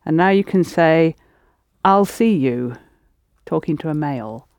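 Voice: medium pitch, lively intonation, unhurried, darkish tone, smooth, no echo. A language teacher leading students through spoken drills, explaining patiently and step by step.

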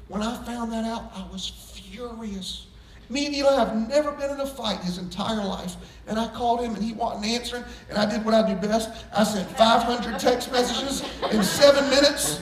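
A middle-aged male pastor telling a story in a sermon, animated, laughing and bursting into shouts. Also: extremely high pitch. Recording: echoey room heard from a distance.

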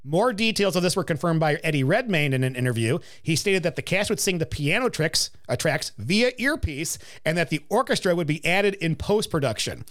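Lively, laughing man co-host. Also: a little high, brisk, hardly any pauses. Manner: animated, laughs often. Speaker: podcast co-host. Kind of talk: casual chat about a film musical.

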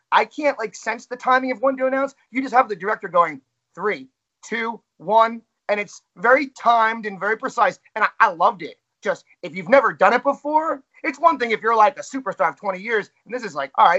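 A man's voice: high voice, bright, forceful tone, lo-fi sound. A man who works as a wrestling ring announcer, talking candidly and self-critically in a casual interview.

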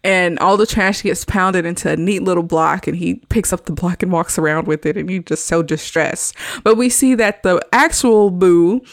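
A woman's voice: fairly low pitch, normal speed, hardly any pauses, no room sound, studio quality. A woman hosting a podcast, casually recapping a film scene by scene and laughing often as she goes. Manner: chatty, laughs often while retelling scenes. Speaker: podcast host.

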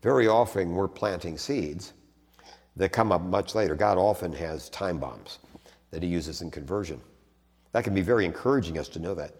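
Man, lowish voice, explaining theology casually, long echo of a hall. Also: normal speed, breathy edge. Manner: conversational, repeats and restarts phrases, animated emphasis. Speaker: theology lecturer. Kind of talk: teaching talk on theology.

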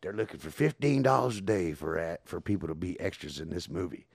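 A man impersonating a laid-back male movie star who talks in a slow, relaxed drawl. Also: low voice, gravelly, slightly rough, no room sound, full character voice.

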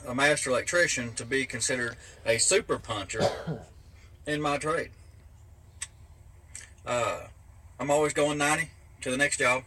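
A man with a Southern US accent asking a question in a halting, playfully boastful way. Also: medium pitch, pushed and bright, slight background noise. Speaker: viewer sending a video question.

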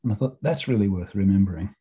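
Husky, dark-voiced Australian man. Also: lowish voice, fast talker, muffled recording. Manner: chatty storyteller, swears freely, laughs often. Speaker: podcast co-host, coach. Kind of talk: casual chat.

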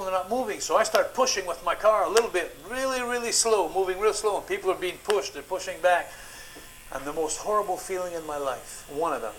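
Animated man telling wrestling stories. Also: high-pitched, slight background noise, poor audio. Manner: animated anecdotes, acts out quotes. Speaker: guest, former wrestler. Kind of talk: casual storytelling on a podcast.

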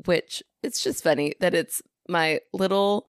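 A woman's voice: lowish voice, unhurried, no echo, clean studio sound. A woman in her thirties co-hosting a podcast, rambling casually through a story about her kids. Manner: rambling, chatty storyteller with fillers. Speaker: podcast co-host. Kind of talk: casual chat.

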